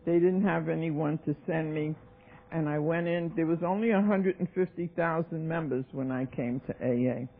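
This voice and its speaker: Woman in her seventies, gravelly voice, tinny tape. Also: low-pitched, moderate pace. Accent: New York. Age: 70s. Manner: storytelling, acting out voices, emphatic. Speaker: AA speaker. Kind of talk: recovery talk, personal story. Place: meeting hall.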